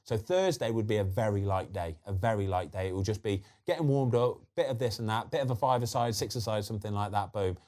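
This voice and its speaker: A man with a slight lisp hosting a football podcast, chatting in a lively way full of quick asides. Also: fairly low pitch. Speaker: podcast host. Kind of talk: casual football chat.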